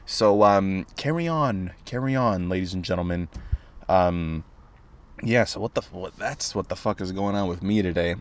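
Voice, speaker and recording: A man's voice: low-pitched, fairly even intonation, normal speed. Sarcastic, rambling young male podcaster. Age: 20s. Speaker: podcast host. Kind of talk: casual solo podcast monologue.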